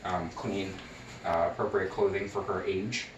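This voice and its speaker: In a narrated clinical skills demonstration, a man with a deep voice works through a head-to-toe health assessment at a measured pace and fairly even intonation. He's a nursing student who uses many fillers and restarts, and the distant mic picks up a roomy sound and a noisy background.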